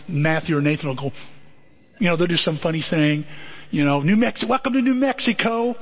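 A male pastor delivering a sermon with animated storytelling, acting out the people in his stories. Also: sits high, dull audio.

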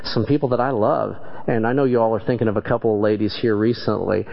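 Earnest plainspoken preacher, lower voice. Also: male voice, steady tone, fast talker, creaky. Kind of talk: sermon with congregation questions. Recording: dull lo-fi church recording.

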